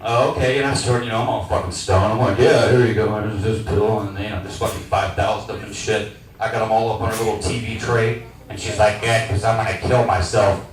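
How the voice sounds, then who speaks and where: A man in his forties doing a stand-up comedy set in a small lounge, loud, brash and crude. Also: lowish voice, steady tone, fairly quick. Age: 40s. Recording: echoey venue miked from a distance.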